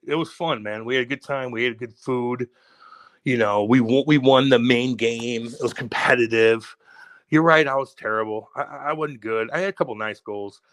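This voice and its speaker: With a medium-pitched voice at a moderate pace, the co-host delivers a rowdy, profanity-laced story. He acts out the quotes with animation, and the recording lacks any room sound.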